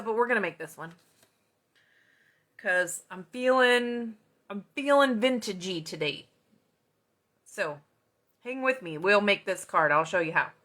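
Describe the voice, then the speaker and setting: A woman's voice: medium pitch, fairly bright tone. A woman chatting casually through a card-stamping tutorial at her home craft desk, rambling into self-deprecating asides. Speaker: card-making demonstrator.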